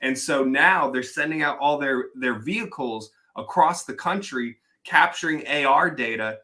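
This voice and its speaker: A man guesting on a podcast who chats casually and explains things eagerly in quick bursts. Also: medium pitch, bright, forceful tone. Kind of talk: casual chat.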